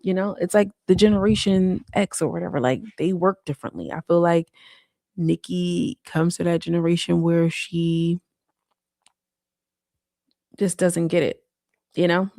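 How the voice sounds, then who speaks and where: Gravelly-voiced woman chatting on a livestream. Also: lowish voice, fairly even intonation, unhurried, pauses often, mellow, no room sound, clean studio sound. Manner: chatty, reads and answers viewer comments; slangy, frequent "like" and "you know". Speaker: livestream host. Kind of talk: casual late-night livestream chat.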